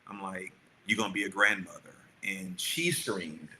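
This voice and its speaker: A man co-hosting a podcast, telling a family story in a lively, animated way and acting out the quotes. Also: sits low, moderate pace, a little hiss or hum, low-quality recording. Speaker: podcast co-host. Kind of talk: storytelling chat.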